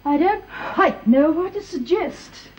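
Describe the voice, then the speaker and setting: A patient, deferential shop assistant in a radio drama, with a high voice. She speaks courteously and tactfully, and the recording sounds dull and lo-fi. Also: lively intonation, slow, full character voice. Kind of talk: 1930s-set radio drama.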